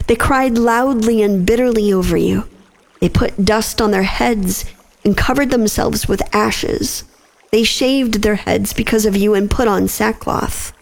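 A woman reading scripture aloud and then leading a prayer in a slow, measured, reverent way. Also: a little high, creaky, darkish tone. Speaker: scripture reader and prayer leader.

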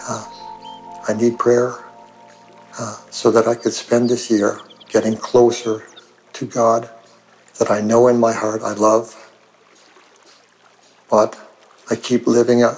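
A man from Canada calling in with an earnest, halting prayer request. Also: mid-range voice, a little mellow, low-quality recording. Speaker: caller.

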